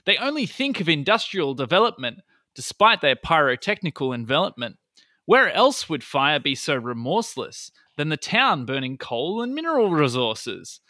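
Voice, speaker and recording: A man voicing a boastful young male bard who performs loud, showy rhymes on stage in a tabletop game. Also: fairly high pitch, sing-song, moderate pace, dry recording, studio quality, pitched above the performer's own voice. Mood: showboating. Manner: loud, showy, sing-song rhyming. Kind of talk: tabletop role-play voice.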